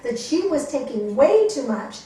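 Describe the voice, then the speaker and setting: A woman's voice: high voice, a little slow, a little hiss or hum. A woman yoga teacher telling stories to her class and acting out the people in them. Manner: animated storytelling, acting out quoted people. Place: teaching room. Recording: echoey room from a distance.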